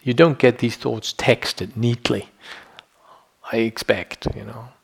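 A man's voice: mid-range voice, steady tone, slow, creaky, breathy edge. A middle-aged man giving a meditation teaching, reflective and conversational, often checking in with "you know" and "yeah". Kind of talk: dharma talk.

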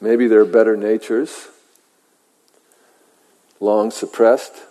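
A man, a meditation teacher, telling a story in a measured, reflective way with halting pauses, in a meditation hall. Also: on the low side, mellow. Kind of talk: dharma talk storytelling. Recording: long hall reverb.

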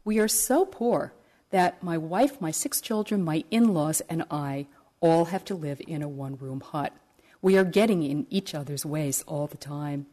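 A woman's voice: low voice, a little slow, mellow. A woman voicing a desperate poor man at the end of his rope, pleading and wailing about his troubles in a told story.

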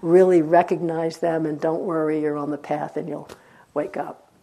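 A woman voicing the Buddha as a calm, kind old male teacher who speaks gently and reassuringly. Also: low-pitched, normal speed, vocal fry, low-quality recording. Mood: encouraging.

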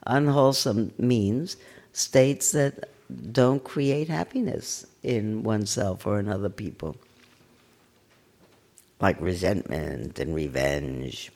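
An older woman giving a gentle, conversational dharma talk as a meditation teacher, with a self-mocking manner. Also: very deep voice, slow pace. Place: meditation center.

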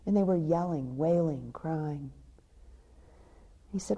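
A woman meditation teacher giving a dharma talk. She tells a teaching story softly and drops into hushed, half-whispered passages. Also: sits low, slow pace, slightly rough, highs cut off.

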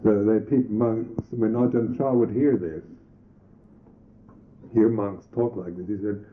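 Man giving a slow, halting dharma talk. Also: on the low side, steady tone. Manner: slow, reflective, halting with restarts. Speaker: Buddhist monk teacher. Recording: tinny lo-fi old recording.

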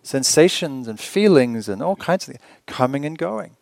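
Guy teaching meditation at a retreat, chatty and gently funny, asks lots of questions, dry close sound. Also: mid-range voice, lively intonation, normal speed, gravelly, no echo. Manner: conversational, rhetorical questions, gently humorous. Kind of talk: retreat dharma talk.

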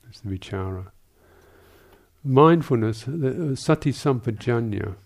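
A man, a Buddhist monk teacher, answering questions in a dharma talk, speaking in a halting, thoughtful way with many restarts and small asides. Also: lowish voice, steady tone, vocal fry, mellow.

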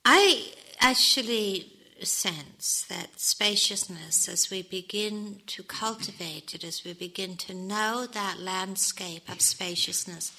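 A woman meditation teacher giving a gentle, reflective dharma talk, with soft whispered asides. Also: mid-range voice, slow pace, poor audio.

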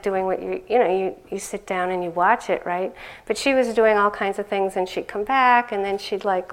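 An older woman giving a conversational dharma talk as a meditation teacher, laughing often and growing animated as she tells stories. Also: mid-range voice.

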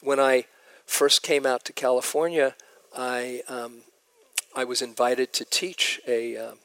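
Slow, gravelly-voiced meditation teacher. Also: male voice, medium pitch, level tone, no echo. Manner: gentle, reflective storytelling. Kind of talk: dharma talk at a retreat. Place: meditation retreat hall.

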